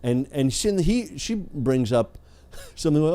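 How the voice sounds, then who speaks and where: A man's voice: fairly high pitch, animated, measured pace, mellow. A man co-hosting a podcast in casual chat, wry and critical, with many hesitant fillers. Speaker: podcast co-host.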